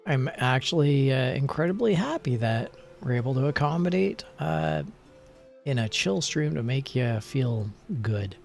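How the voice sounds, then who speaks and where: A man streaming and chatting in a loose, rambling way, poking fun at himself. His voice sits at an ordinary middle pitch, and soft music plays in the background. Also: expressive, measured pace, creaky. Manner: rambling, playful, self-mocking. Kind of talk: casual stream chat.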